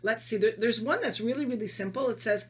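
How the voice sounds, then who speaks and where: A middle-aged woman teacher with a fairly high, slightly rough voice gives a playful video lesson to young children at a fairly quick pace. She laughs often and reads tongue twisters in a sing-song way.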